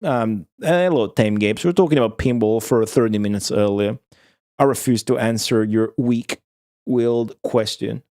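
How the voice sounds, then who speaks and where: A man's voice: medium pitch, a little slow, darkish tone. A young man streaming a retro game, chatting casually and profanely with his viewers and answering their messages. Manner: profane, offhand, answers chat. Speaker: streamer playing retro games. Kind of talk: casual live-stream chat.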